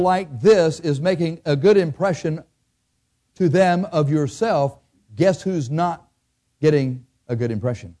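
A man's voice: on the high side, slow, warm tone. A man preaching a sermon in a church, speaking conversationally and asking his listeners frequent questions.

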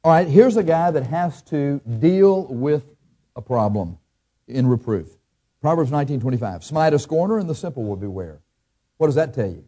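A man preaching a sermon as pastor, blunt and emphatic, acting out people's excuses in a higher whiny voice. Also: expressive, normal speed, mellow.

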